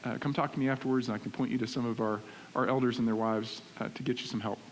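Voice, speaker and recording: A middle-aged male pastor preaching in a church, animated and conversational, often checking in with "right?". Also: medium pitch, fast talker. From Texas. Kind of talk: sermon. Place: church sanctuary. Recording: reverberant church hall with faint hiss.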